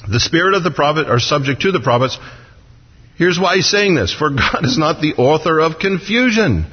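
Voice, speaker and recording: Male pastor, slightly high voice, chatty and joking sermon delivery, dull lo-fi recording with long hall reverb. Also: expressive, normal speed, husky. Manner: conversational and humorous, acts out voices.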